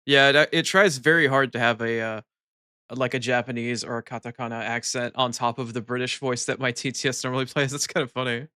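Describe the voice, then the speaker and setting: A man's voice: medium pitch, steady tone, a little fast, sharp tone, clear, resonant tone, no echo, clean studio sound. A young American man chatting casually on a live stream, reading chat aloud and laughing often.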